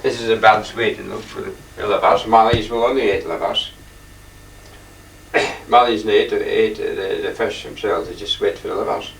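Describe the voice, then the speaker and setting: An older man talks his halting, wandering way through his paintings, often clearing his throat. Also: fairly low pitch, fairly even intonation. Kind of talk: rambling casual reminiscence. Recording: echoey room, distant mic, faint hiss.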